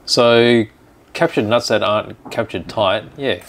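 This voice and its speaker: A man hosting a workshop video, calmly explaining each step of a kit build in casual chat. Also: on the low side, a little slow, a little hiss or hum. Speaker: hobby shop host building a kit.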